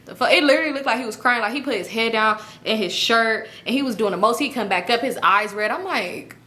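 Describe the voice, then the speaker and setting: A young woman talks straight to her viewers in a loose storytime vlog, full of profanity and laughing asides. Her voice is bright and forward, and she jumps up high in pitch when she acts out the people in her story. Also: fast talker. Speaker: storytime vlogger. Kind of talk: casual storytime monologue.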